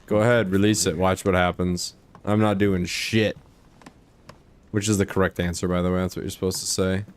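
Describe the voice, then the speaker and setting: A man's voice: deep voice, little pitch movement, moderate pace, clean tone. Joking man streaming a game. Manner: joking, offhand. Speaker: gaming streamer. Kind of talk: casual gameplay commentary.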